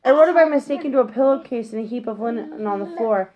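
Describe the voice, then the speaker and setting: A small, guilty young mouse speaks in a soft, apologetic voice, as a woman reads him from a storybook. The voice sits a little high and stays gentle and earnest. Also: quick pace, lo-fi sound, natural voice. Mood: miserable. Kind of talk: storybook reading.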